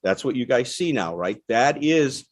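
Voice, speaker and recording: A mid-range, animated male voice, a little slow and free of room sound, belongs to a guest speaker on addiction recovery. Facing a seated audience, he lectures plainly and emphatically in a conversational way, frequently adding "right?".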